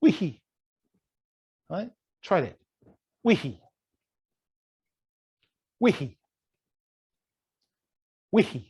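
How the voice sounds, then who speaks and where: Brief: a male New language teacher, playful and a touch high-voiced, drilling words over a video call. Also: big pitch swings, very slow, pauses often, a little mellow, breathy edge. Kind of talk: online language lesson.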